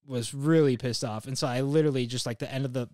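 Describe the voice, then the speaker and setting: A man's voice: medium pitch, fairly even intonation, fast talker, a little mellow, dry recording. A man hosting a podcast, spinning a long story in loose, casual chat. He rambles, restarts his sentences, leans on fillers and swears freely. The sound is dry and close, with no room around it. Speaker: podcast host.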